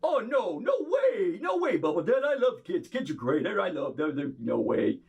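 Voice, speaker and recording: Friendly foam monster, stammering and unsure, lively swoops in pitch, voiced by a man. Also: moderate pace, gravelly, breathy edge, exaggerated voice. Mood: eager. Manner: stammering, hesitant. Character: friendly bubbly foam monster, male, hesitant.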